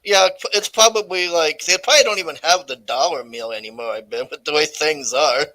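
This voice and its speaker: A man's voice: on the high side, a little fast, bright, forceful tone, dry recording, rough recording. A man hosting a casual livestream chat who teases his guests and cracks jokes. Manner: teasing, joking. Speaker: stream host.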